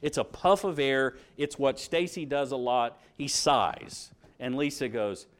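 A man's voice: medium pitch, a little slow. A middle-aged man preaching a sermon, reading scripture aloud and asking his congregation questions.

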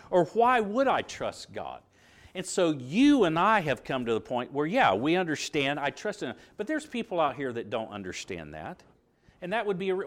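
Lively middle-aged man teaching a Bible lesson. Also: on the high side, moderate pace. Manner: animated, acts out quoted voices, asks rhetorical questions. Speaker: preacher teaching a Bible class. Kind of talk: sermon-style Bible lesson.

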